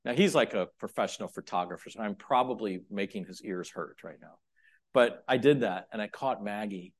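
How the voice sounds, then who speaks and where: A middle-aged man preaching a sermon, moving between loud, emphatic points and quiet, chatty asides to the congregation. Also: fairly low pitch, brisk. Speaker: pastor.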